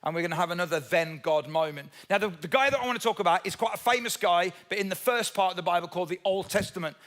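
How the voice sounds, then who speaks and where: A man's voice: high-pitched, fast talker, a bit bright. A man preaching a sermon as pastor, chatty and questioning the congregation, with humorous asides while retelling a Bible story. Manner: conversational, asks the audience questions.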